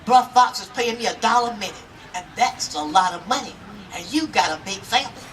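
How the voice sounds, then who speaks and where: A woman's voice: medium pitch, expressive, a bit bright, close to an everyday voice. Brer Rabbit, nosy trickster, told by a woman. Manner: fast-talking, repeating himself. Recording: outdoor, mic far off, faint noise.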